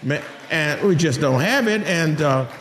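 A middle-aged man preaching a sermon as pastor, talking straight to his congregation in an animated, joking, conversational way. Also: fairly high pitch, unhurried, a little hiss or hum.

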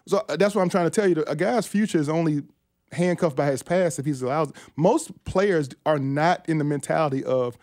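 A man who played linebacker, a guest on sports talk radio, talking in halting bursts with many restarts and fillers. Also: a little high, a little mellow, no echo, studio quality. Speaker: former NFL linebacker, guest.

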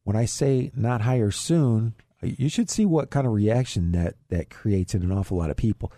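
Folksy, chuckling radio finance host. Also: male voice, lowish voice, moderate pace, mellow, dry recording, clean studio sound. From Ohio. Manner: folksy and chuckling, with frequent fillers and restarts. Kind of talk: casual radio talk on investing.

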